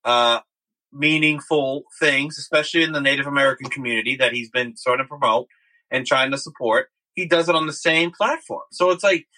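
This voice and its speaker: A man co-hosting a sports podcast in casual chat, talking in a measured, slightly hesitant way. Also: medium pitch, bright, forceful tone, poor audio. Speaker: podcast co-host.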